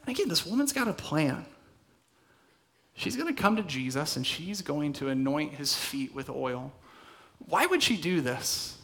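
A male pastor preaching a conversational sermon in a church, dropping to soft, intense tones for emphasis. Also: on the high side, very animated, a little slow. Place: church hall.

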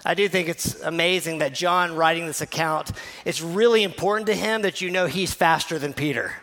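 A man's voice: fairly high pitch, moderate pace. A man preaching a sermon as a pastor, retelling a scripture passage in an earnest, conversational way. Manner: conversational, earnest storytelling, drops to a soft hush at key moments.

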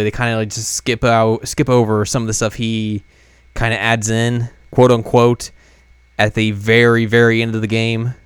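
A man's voice: mid-range voice, clean tone, no room sound. A man giving a casual, rambling anime review, full of fillers and self-corrections.

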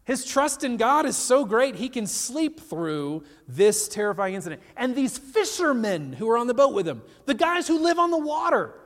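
A man preaching a sermon, telling a story with animated retellings and quoted voices. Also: very high-pitched, moderate pace, few pauses. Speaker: pastor. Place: church in Colorado. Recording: long reverb of a large hall.

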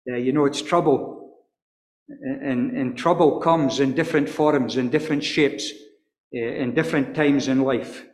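A man preaching an earnest expository sermon, stumbling and repeating words, and reading scripture slowly in old-fashioned wording. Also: mid-range voice, fairly even intonation, a little mellow. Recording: echoey hall with long reverb.

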